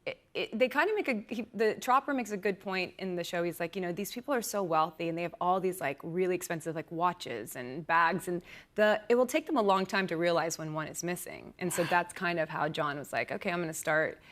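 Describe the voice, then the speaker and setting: A woman, a talk show guest, telling an anecdote with lively acted-out quotes and frequent laughter. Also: fairly low pitch, brisk. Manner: animated storyteller, acts out quotes, laughs often. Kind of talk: casual chat, anecdote telling. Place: TV studio.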